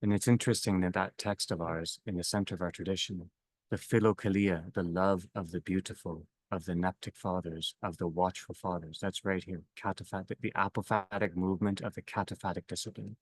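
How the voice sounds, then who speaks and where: A man leading a reflective theological discussion, speaking slowly in halting phrases that trail off softly at their ends. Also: low voice, steady tone, dry recording. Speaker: discussion leader.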